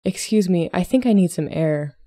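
A woman reading a story aloud, voicing a flustered young lady at a ball who answers quickly and defensively. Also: fairly low pitch, lively intonation, dark tone, natural voice.

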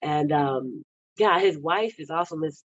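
Young woman from texas chatting on a podcast, giggles a lot, slips into squeaky silly voices for quotes, kinda muffled dry audio. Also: unhurried, no room sound. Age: young adult. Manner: giggly, laughs often between phrases; jumps into high, animated voices when quoting people. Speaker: podcast guest, Olympic wrestler. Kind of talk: casual interview chat. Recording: dull, slightly lo-fi, dry sound.

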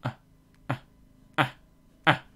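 A woman playing a video game with commentary, loud and giggly, shouting and laughing often. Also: slow pace. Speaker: gamer.

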